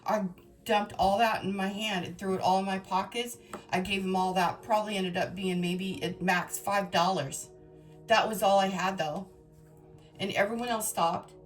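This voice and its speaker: A woman's voice: mid-range voice, steady tone, normal speed, faint music behind. A woman tarot reader telling her viewers a personal story in an emotional, rambling, dramatic way.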